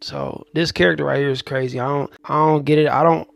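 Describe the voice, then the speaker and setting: Gravelly, laid-back male reaction host. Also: a little high, brisk, no room sound. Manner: laid-back, conversational, relaxed slang. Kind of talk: casual reaction commentary.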